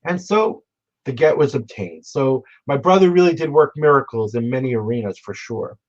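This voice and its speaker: A man telling stories in memory of his late brother at a remembrance gathering, speaking in a halting, reflective way with frequent restarts. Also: medium pitch, muffled recording. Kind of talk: storytelling remembrance. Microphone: remote broadcast.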